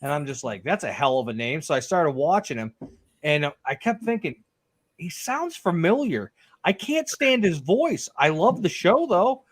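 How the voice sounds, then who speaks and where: Chatty guy, slightly high voice, casual storytelling. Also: sing-song, normal speed. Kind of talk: casual chat.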